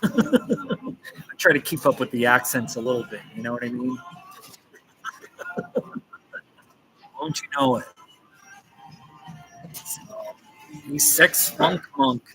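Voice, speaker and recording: A man's voice: mid-range voice, huge pitch swings, slow, pauses often, sharp tone, faint music behind, rough recording. A man chatting casually on a livestream from a coffee shop corner, playful and chatty and repeating his phrases with chuckles. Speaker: livestream host. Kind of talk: casual livestream chat reading viewer comments.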